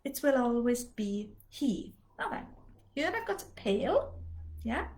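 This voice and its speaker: Slow, lively Welsh woman tutor. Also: on the high side. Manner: slow, lively teaching voice, models words for learners to repeat. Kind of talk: live online Q&A lesson.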